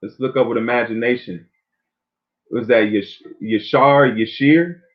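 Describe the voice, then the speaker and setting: Preacher man on a tinny phone-like line. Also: mid-range voice. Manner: reads verses slowly, then talks loosely, often ending with "man". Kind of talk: informal sermon with scripture reading. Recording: phone-like narrow sound.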